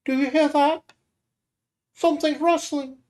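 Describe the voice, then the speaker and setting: A woman voicing a frightened young female companion, reading visual novel lines aloud in a high, breathless voice. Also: steady tone, measured pace, a little mellow. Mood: alarmed. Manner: high, breathless, alarmed calls.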